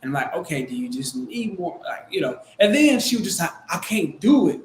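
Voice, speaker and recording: A man casually recounting a business deal and acting out the quotes in an animated way. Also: normal speed. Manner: animated, acts out quotes in a high excited voice. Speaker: real estate wholesaler. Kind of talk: casual storytelling chat. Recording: echoey room with faint noise.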